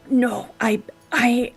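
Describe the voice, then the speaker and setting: Woman player, casual and insistent, slightly high voice. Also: fairly even intonation, very slow, vocal fry, husky, faint music behind. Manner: insistent, laughing. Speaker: tabletop game player. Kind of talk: casual tabletop chat.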